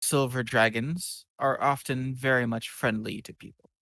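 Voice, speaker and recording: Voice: medium pitch, fairly even intonation, moderate pace, fairly bright tone, no room sound, clean studio sound. A player voicing a silver dragon adventurer in a tabletop game, lecturing with amusement.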